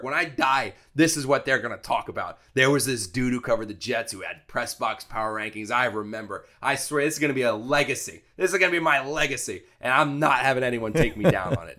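A young man co-hosting a sports podcast, chatting casually, often repeating words and getting animated when he argues his point. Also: mid-range voice, brisk, hardly any pauses. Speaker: sports beat writer and podcast co-host.

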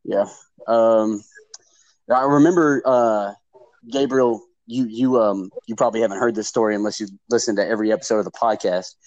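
A man's voice: on the low side, a little mellow, no room sound, muffled recording. A man, hosting a casual podcast chat and laughing often as he tells stories. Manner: laughs often while telling stories, swears. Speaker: podcast host.

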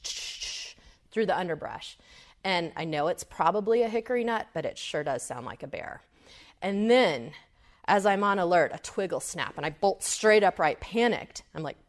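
A middle-aged woman giving a storytelling talk at a summit, animated and acting out her own inner voice. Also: lowish voice. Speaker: speaker at a summit.

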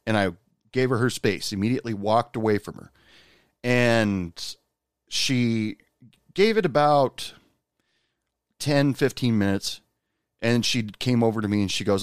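A man's voice: fairly low pitch, a little slow, pauses often, clean tone, no echo, clean studio sound. A man casually telling a candid, confessional personal story at an easy pace.

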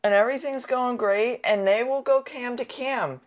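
A woman's voice: a little high, normal speed. A woman co-hosting a casual chat show, blunt and laughing often, swearing freely. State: sick. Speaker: podcast co-host.

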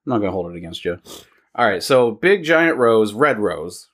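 A man's voice: lowish voice, sing-song, normal speed, fairly bright tone. A man co-hosting a podcast in casual chat, joking and teasing crudely. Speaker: podcast co-host.

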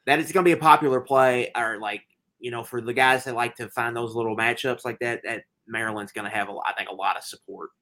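A man's voice: mid-range voice, steady tone, quick pace, bright, forceful tone. Chatty man rambling through picks. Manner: rambling, lots of fillers and restarts. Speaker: podcast co-host. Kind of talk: casual sports betting chat.

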